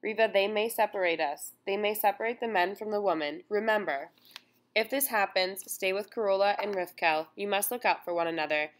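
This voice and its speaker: A woman's voice: medium pitch, a little fast, lightly acted. A woman voicing a young man who speaks in a strained, earnest way to his sister, in an audiobook.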